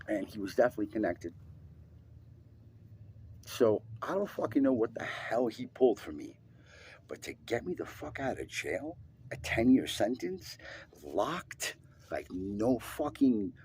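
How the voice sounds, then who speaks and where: Husky low-voiced man telling a story. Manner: emphatic, profane, swings between loud and hushed. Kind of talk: personal storytelling.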